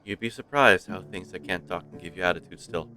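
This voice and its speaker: A man's voice: low voice, fairly quick, over music. A man streaming, giving casual, joking commentary with playful asides while he watches a game.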